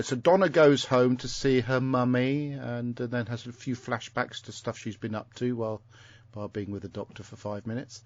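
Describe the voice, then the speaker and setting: A man with a mid-range voice hosts a podcast from home, recapping an episode in casual, rambling chat full of jokes and fillers. The sound is dull, lo-fi and dry, with no echo.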